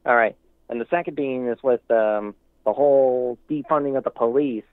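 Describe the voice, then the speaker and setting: A man's voice: mid-range voice, moderate pace, no room sound. A male caller to a talk show giving rambling, emphatic opinions with many restarts. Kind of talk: casual call-in commentary. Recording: tinny phone line.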